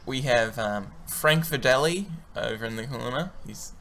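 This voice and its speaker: A man's voice: medium pitch, normal speed, fairly bright tone. A man co-hosting a casual podcast chat, playful and giggly. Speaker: podcast co-host. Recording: noticeable background noise.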